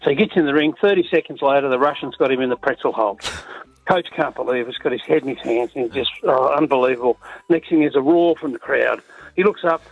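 An Australian man calling in to a radio show, telling a joke in an animated way and acting out the voices. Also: medium pitch, quick pace, vocal fry, breathy edge, dry recording, lo-fi sound. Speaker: caller. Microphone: phone line.

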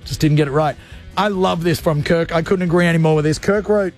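A man hosting a radio show, delivering an energetic, exaggerated comedic rant. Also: on the high side, a little fast, soft background music. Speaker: radio host.

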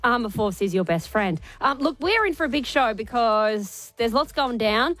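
A hoarse woman with an Australian accent, hosting breakfast radio in a chatty, bubbly, self-mocking way. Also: on the high side, lively intonation, moderate pace, fairly bright tone, no echo, faint music behind. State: hoarse from illness. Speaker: radio host.

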